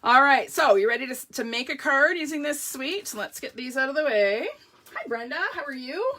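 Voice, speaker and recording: A woman's voice: high-pitched, animated, normal speed, pushed and bright. A woman hosting a live craft demonstration, chatting casually and gushing over her supplies while greeting viewers by name. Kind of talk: casual live demo chat.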